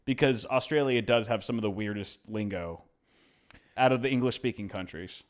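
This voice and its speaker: A man's voice: fairly low pitch, normal speed. A man co-hosting a podcast in casual chat, joking and riffing with a loose, playful manner. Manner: joking, riffs with silly voices, says "dude". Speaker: podcast co-host.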